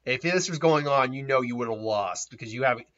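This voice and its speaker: A man voicing a stern older male ninja mentor with a calm, serious delivery in a dull lo-fi recording. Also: medium pitch, a little fast, voice pushed down, natural voice.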